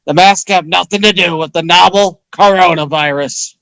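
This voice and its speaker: A man co-hosting a comedy podcast, reading absurd news items in a deadpan way. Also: high voice, normal speed, gravelly, no echo, low-quality recording. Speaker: podcast co-host. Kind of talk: reading joke news segment.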